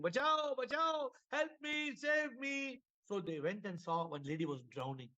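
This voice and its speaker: A man gives a spiritual talk full of parables, repeating his phrases and acting out the voices in his stories. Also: on the high side. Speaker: spiritual teacher. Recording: dull lo-fi recording.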